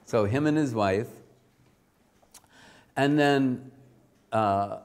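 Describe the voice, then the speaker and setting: A man giving a spiritual talk, telling a personal story in a slow, rambling, self-deprecating way. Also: medium pitch, a little mellow, smooth. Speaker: spiritual teacher.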